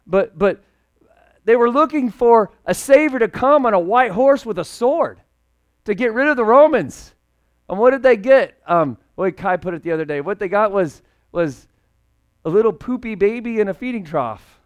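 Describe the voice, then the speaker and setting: Pastor, male, fairly high voice, smooth and clear, animated joking delivery. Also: normal speed, lo-fi sound. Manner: conversational, jokey, animated preaching. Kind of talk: casual, humorous sermon.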